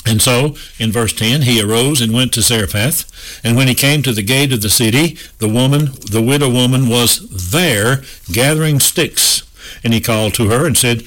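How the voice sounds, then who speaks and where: A man teaching from the Bible on a radio broadcast, slow and emphatic with folksy asides. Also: mid-range voice, expressive, fairly bright tone, poor audio. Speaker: radio preacher.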